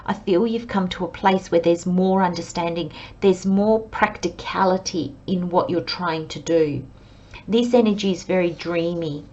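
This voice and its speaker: A woman giving a pick-a-card tarot reading, speaking gently and reflectively and addressing her viewers as friends. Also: fairly low pitch, dull audio. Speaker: tarot reader.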